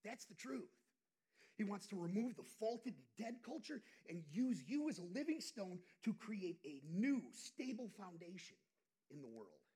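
A male pastor preaching an impassioned sermon, dropping to hushed asides and rising to loud outbursts. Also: high-pitched, very animated, unhurried, breathy edge.

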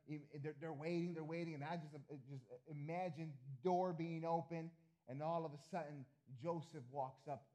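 Male pastor preaching, mellow voice kinda high, gets loud then drops soft, lots of stammered restarts. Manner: emotional, swings from loud emphasis to hushed asides; repeats and restarts words. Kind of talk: sermon.

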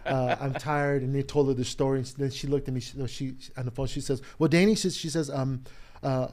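A man's voice: mid-range voice, fairly quick. Emotional pastor telling his story. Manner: emotional, animated retelling, acts out quotes loudly. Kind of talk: personal storytelling in casual chat.

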